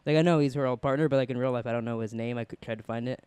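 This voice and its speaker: A young man co-hosting a casual TV review chat, excited and rambling with lots of restarts. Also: medium pitch, rapid-fire, clear, resonant tone, no echo. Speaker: podcast co-host.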